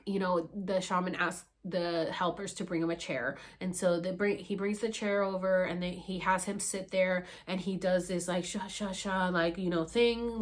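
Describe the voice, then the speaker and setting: A young woman vlogger telling a story in a casual way, filling it with "like" and acting out what people said. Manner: animated, acts out quotes with big pitch jumps, says "like" a lot.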